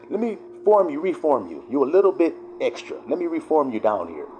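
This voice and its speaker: Man voicing a gentle fatherly God. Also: on the high side, huge pitch swings, moderate pace, slight background noise. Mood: reassuring.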